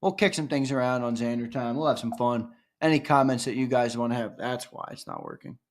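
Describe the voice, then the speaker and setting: A man hosting a casual live-stream sports fan show, chatting with viewers and breaking into loud, excited hollers. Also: mid-range voice, fairly quick.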